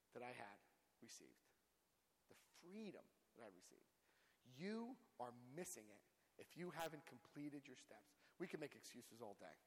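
Animated man telling his recovery story. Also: on the high side, in a large hall, poor audio. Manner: animated storyteller, acts out voices loudly. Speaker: speaker sharing recovery story. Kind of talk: recovery talk to a group.

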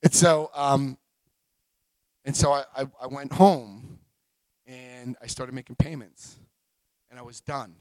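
A middle-aged man sharing his recovery story at a meeting, telling it in an emotional, animated way. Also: medium pitch, takes it slowly, pauses often, dry recording, low-quality recording.

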